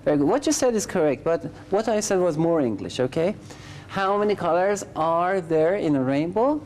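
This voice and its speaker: A woman's voice: on the low side, expressive, normal speed, a little mellow, a little hiss or hum. A woman teaching English conversation in class, patiently correcting and repeating her students' sentences.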